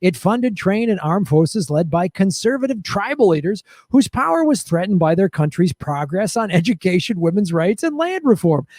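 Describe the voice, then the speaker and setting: A sarcastic male podcast co-host with a fairly high voice, trading mock-cheerful, profane jabs in casual comedic chat. The sound is dry and close to the mic. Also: sing-song, moderate pace, hardly any pauses, darkish tone, dry recording.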